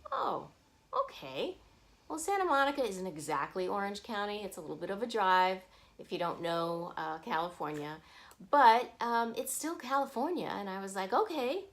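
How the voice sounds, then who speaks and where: A woman's voice: mid-range voice, lively intonation, moderate pace. A woman vlogger telling a personal story to the camera, acting out the people she quotes.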